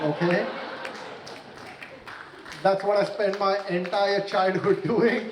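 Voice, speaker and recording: High-voiced stand-up comedian man, roomy. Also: fairly even intonation, takes it slowly, long pauses, far from the mic, background noise. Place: stage in a large room with an audience.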